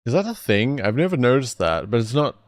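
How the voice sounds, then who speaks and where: A man's voice: mid-range voice, fairly quick, slight background noise. A man streaming casually, rambling and correcting himself as he reacts to videos. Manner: rambling, self-correcting, lively.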